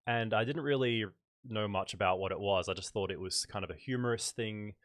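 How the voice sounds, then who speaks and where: An Australian man with a light accent hosting a casual photography livestream, chatting in a relaxed way and thinking aloud with fillers. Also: lowish voice, brisk, dry recording, clean studio sound.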